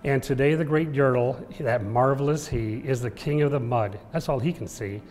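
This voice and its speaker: A man's voice: mid-range voice, moderate pace, slight background noise. Man reading a rhyming picture book. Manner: rhythmic, expressive rhyming delivery. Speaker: storyteller. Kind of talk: children's book read aloud. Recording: echoey room with long reverb.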